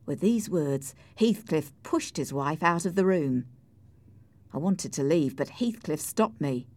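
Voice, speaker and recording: Woman reading a storybook slowly. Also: deep voice, expressive, a little mellow, no echo. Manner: measured, clear reading. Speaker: narrator.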